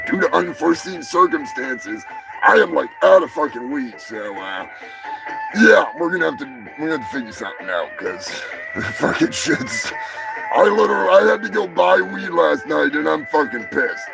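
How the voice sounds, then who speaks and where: A man hosting a live stream, rambling crude jokes and shouting greetings to chatters. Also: on the high side, animated, moderate pace, creaky, low-quality recording. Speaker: live show host. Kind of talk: crude casual livestream banter. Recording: music playing behind the voice.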